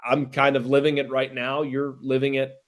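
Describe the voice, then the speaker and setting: A man from Pittsburgh chats casually as a podcast co-host. He talks in an animated, rambling way, often restarting his sentences. His voice sits at an ordinary middle pitch. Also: moderate pace. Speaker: podcast co-host, baseball journalist.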